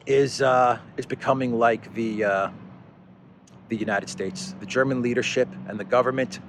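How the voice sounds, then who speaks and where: A political commentary host with a mid-range, slightly bright voice delivers a loose, unscripted monologue over a little hiss or hum. Sarcastic and exasperated, he readily mocks the officials he discusses.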